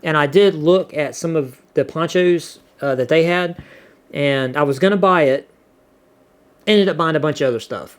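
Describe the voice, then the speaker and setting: A middle-aged man, casually chatting to his viewers and reading their comments aloud in a rambling, easygoing way. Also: a little high. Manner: laid-back, rambling, repeats words and restarts often. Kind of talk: casual chat.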